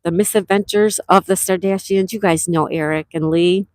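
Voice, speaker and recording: A woman with a lowish, darkish voice speaks at a normal speed in a steady tone, and the recording is dry. She is hosting a casual livestream from a campsite cabin, greeting viewers by name and reading their comments aloud as she talks. She comes from Western New York.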